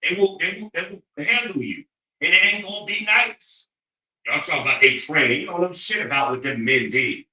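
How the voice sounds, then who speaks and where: A man with a piercingly bright, cutting voice delivers a preachy, profane monologue. He keeps hammering his points, often climbing into loud, incredulous outbursts. The sound carries a roomy echo. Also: a little high, normal speed, lo-fi sound. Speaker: show host. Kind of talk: opinionated monologue.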